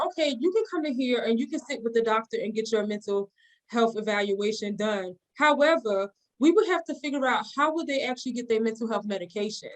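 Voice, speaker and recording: This woman is a nurse and a guest on an interview podcast. She explains things in an earnest, step-by-step way. Her voice sits a little high for a woman. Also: rough recording. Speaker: nurse and co-founder of a recovery clinic, guest. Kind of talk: interview answers.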